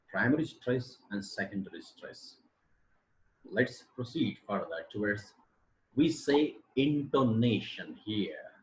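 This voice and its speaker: A male English teacher gives a webinar lecture on pronunciation, drawing out example words to show where the stress and intonation fall. His voice is mid-pitched and rises and falls a great deal. The room around him adds a noticeable echo. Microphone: computer mic for an online webinar. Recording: roomy echo.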